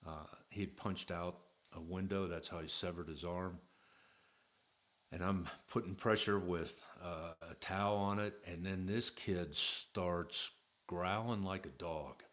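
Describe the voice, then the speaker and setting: Middle-aged male storyteller with a deep voice who talks casually and stops often to restart. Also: a bit bright. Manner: halting, many "uh" fillers and restarts. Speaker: podcast host telling a personal story.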